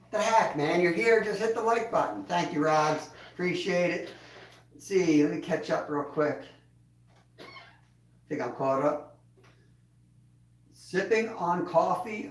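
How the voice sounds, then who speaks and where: A man's voice: on the high side, recorded from a distance. A man hosting a casual livestream, chatting in a laid-back way and chuckling as he reads out viewer comments. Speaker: livestream host. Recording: echoey room, voice off-mic.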